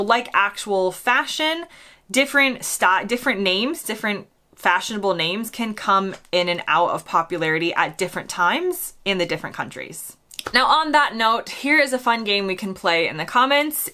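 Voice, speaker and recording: Lively, bright-voiced American woman vlogger. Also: medium pitch. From United States. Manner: chatty, self-deprecating, often laughing at herself. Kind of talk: casual explainer vlog.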